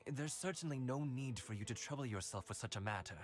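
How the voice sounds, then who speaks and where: An actor voicing a worried official in a game, hesitant and polite. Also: male voice, mid-range voice, quick pace, soft background music, close to an everyday voice. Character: anxious male shipment official. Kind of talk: game cutscene dialogue.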